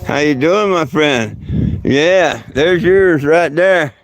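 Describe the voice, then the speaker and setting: A man's voice: fairly high pitch, slow pace. A man hosting his own livestream, chatting loosely with many fillers and restarts and chuckling often. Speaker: livestream host. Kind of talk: rambling casual livestream chat.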